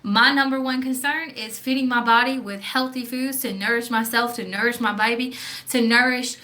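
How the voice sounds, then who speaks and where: A woman's voice: a little high, steady tone, normal speed, bright, forceful tone. A young woman with a Southern accent, talking bluntly and with plenty of profanity in a casual vlog, often asking "okay?". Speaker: vlogger.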